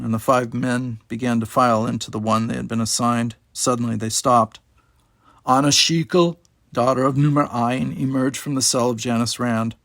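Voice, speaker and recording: Man, storybook narration, steady measured reading, dry close recording. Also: mid-range voice, no echo. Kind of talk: audiobook narration.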